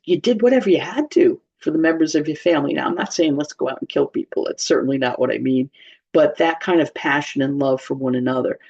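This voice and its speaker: Low, gravelly and husky, with a darkish tone, this woman teaches the Bible at her church in a conversational, comic style, often breaking into laughter. Audio is lo-fi and slightly dull.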